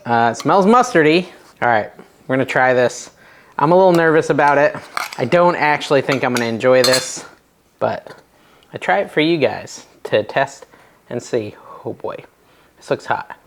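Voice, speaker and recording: A middle-aged man hosting a casual home cooking vlog, chatty and nervous, with a self-deprecating manner and sudden excited yelps. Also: medium pitch, a little hiss or hum. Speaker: cooking channel host. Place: home kitchen.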